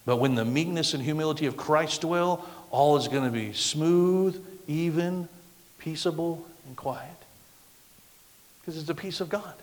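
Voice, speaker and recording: A middle-aged man preaching a sermon with a loud, projecting voice, acting out the voices of the people he quotes. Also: fairly high pitch, unhurried. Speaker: pastor. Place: church sanctuary. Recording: long hall reverb.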